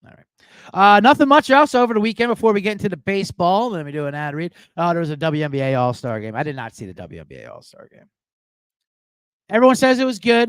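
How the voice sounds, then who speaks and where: A man's voice: fairly high pitch, dry recording, studio quality. A middle-aged man hosting a live sports betting show, rambling in a jokey, profane way. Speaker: sports betting podcast host. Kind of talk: casual live show chat.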